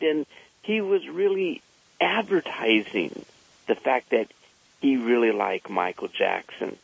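Man, storyteller, slow and gravelly, husky, dry lo-fi recording. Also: mid-range voice, no room sound. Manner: slow, unhurried and conversational. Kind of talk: personal storytelling. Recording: slightly dull lo-fi recording.

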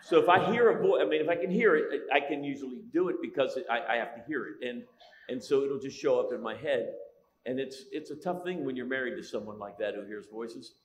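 A man's voice: medium pitch, quick pace. A middle-aged man preaching a humorous sermon, telling stories with lots of restarts. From Italian-American. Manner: joking, storytelling, many restarts. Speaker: pastor. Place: large church hall. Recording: echoey church hall.

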